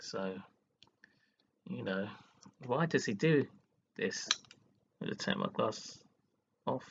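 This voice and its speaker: Gravelly, upset man rambling to webcam. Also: mid-range voice, expressive, slow, lo-fi sound, a little hiss or hum. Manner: upset, rambling, frequent "you know". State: emotional, near tears. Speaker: teacher. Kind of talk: emotional personal vlog. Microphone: webcam mic.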